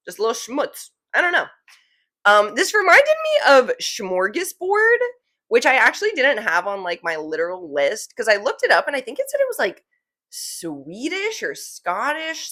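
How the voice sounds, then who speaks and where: A young woman from New Jersey talks casually to her viewers, filling her sentences with "like" and laughing easily. She sounds relaxed and conversational, in her twenties. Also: mid-range voice, moderate pace. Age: 20s. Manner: chatty, fillers of "like", laughs easily. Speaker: vlogger. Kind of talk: casual chat to camera.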